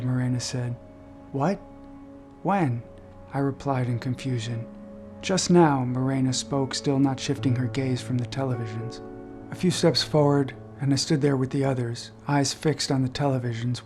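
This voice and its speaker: A man reading aloud a personal essay he wrote, recounting it in a measured, subdued first-person voice. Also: mid-range voice, darkish tone. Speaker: essay author reading his own memoir.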